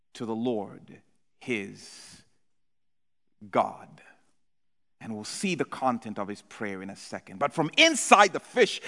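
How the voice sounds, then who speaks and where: A male pastor preaching a sermon, moving between hushed, low passages and loud, impassioned ones. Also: big-room sound.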